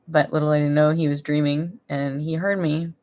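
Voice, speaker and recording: A woman's voice: low voice, a little mellow. A woman in her thirties chatting casually on a live stream from home, rambling and emotional, laughing often. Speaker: vlogger.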